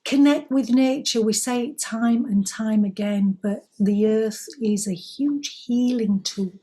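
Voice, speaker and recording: A woman co-hosting a spiritual talk, giving gentle, reassuring advice. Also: a little high, unhurried. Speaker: spiritual co-host.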